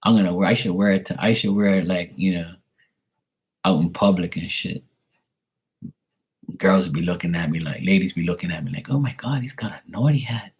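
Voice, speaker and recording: A man hosting a casual livestream, joking crudely and streetwise, then doing psychic readings for viewers, often trailing into hushed asides. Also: low-pitched, steady tone, normal speed, long pauses, slightly rough. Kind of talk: casual live-stream chat.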